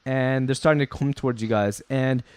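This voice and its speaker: A man serves as game master at a small gaming table, laying out rules and narrating scenes in a steady, explanatory way with many ums. His voice sits at an ordinary middle pitch and sounds close and dry. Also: brisk, clear, resonant tone, no echo.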